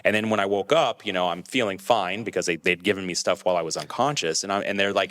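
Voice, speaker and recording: A man telling a story in casual podcast chat, animated and acting out what others said to him. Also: low voice, fast, few pauses. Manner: animated, acts out quoted voices, many restarts. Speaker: podcast co-host telling his crash story.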